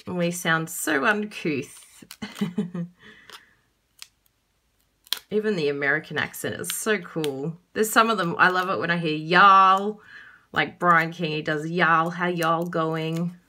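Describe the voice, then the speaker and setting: A woman's voice: lowish voice, a little slow, pauses often, sharp tone. A woman with an Australian accent giving a chatty, casual card-making tutorial, laughing often.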